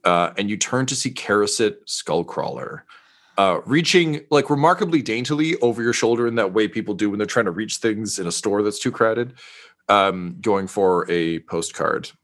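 A man's voice: fairly low pitch, expressive, moderate pace. Rambling male game master. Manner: rambling, filler-heavy, wry. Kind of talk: narrating a tabletop game.

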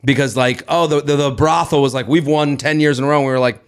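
Animated storytelling man, higher voice. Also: quick pace, clear, resonant tone. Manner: animated, acts out voices, swears and laughs. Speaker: podcast co-host. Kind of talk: casual storytelling chat.

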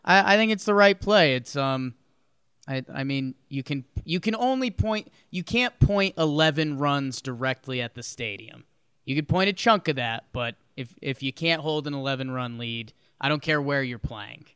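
A man's voice: mid-range voice, expressive, normal speed, a bit bright, smooth, no room sound. A man co-hosting a casual sports podcast, chatty and often restarting his sentences. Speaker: podcast co-host.

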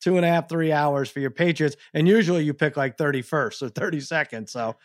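Exasperated man with a slightly high voice. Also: a little fast. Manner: rambling, jumps up high when exasperated. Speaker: podcast co-host. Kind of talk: casual sports chat.

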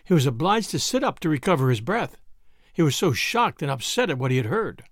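A man narrates a classic short story in a measured, scripted way. His voice sits high and moves freely across its range. The recording is dry and close. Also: sing-song, no room sound. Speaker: podcast narrator.

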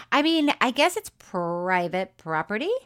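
A woman's voice: mid-range voice, very animated, slow pace, fairly bright tone. A woman co-hosting a podcast, telling a film's story in casual chat and acting out the quotes, laughing often. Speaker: podcast co-host.

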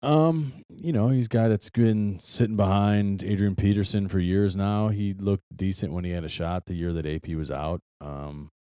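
A man's voice: deep voice, fairly even intonation, moderate pace, few pauses, mellow, smooth, dry recording, clean studio sound. A man co-hosting a sports podcast in casual chat, hesitant and full of restarts, then giving blunt opinions. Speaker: podcast co-host.

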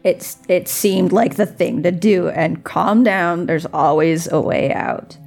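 A level-headed female adventurer, played by a woman with a very low, gravelly voice and dry, matter-of-fact delivery. Faint music sits in the background. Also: takes it slowly, darkish tone, heavily acted.

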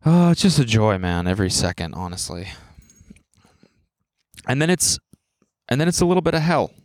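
A young man co-hosting a podcast in casual chat, animated and swearing freely as he acts out quoted lines in a raised voice. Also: mid-range voice, normal speed, no room sound, clean studio sound. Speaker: podcast co-host.

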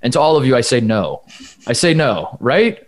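A man's voice: mid-range voice, sing-song, moderate pace. A man co-hosting a podcast from home, talking in loose casual chat. He rambles through his stories, restarts sentences and interrupts himself as he goes. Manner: rambling, self-interrupting storyteller. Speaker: podcast co-host. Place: home studio with his dog.

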